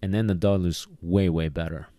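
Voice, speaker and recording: He's teaching dog training on a solo podcast, keeping it casual, repeating words as he goes, and acting out quoted lines. The voice is low and dark with a steady tone at normal speed, and there's no echo.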